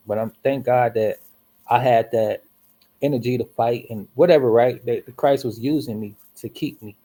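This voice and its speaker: Man, mellow voice, casual storyteller, slangy and animated. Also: mid-range voice. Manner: animated, slangy, swears and laughs while telling a spooky story.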